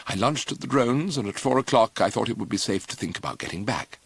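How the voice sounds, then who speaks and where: A man narrating an audiobook in a lively, expressive way. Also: lowish voice, quick pace, vocal fry, breathy edge, no room sound.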